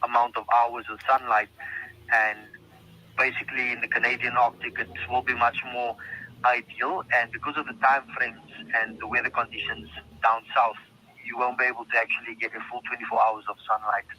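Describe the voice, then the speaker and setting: A man's voice: medium pitch, little pitch movement, a little fast, sharp tone, slight background noise, poor audio. A man with a South African accent, a travel agent explaining things on a call, hesitant and full of ums.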